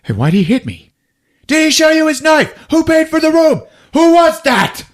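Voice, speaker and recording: Man doing a shrill, frantic young cop. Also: huge pitch swings, mellow, husky, exaggerated voice. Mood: indignant. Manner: shrill, rapid-fire questions. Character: frantic, indignant young male undercover cop.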